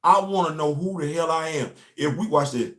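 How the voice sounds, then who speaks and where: In an echoey room, a young man from the US delivers an impassioned, preachy monologue as host, hammering home his key lines with emphasis. His voice sits fairly high, a bit bright, at a moderate pace.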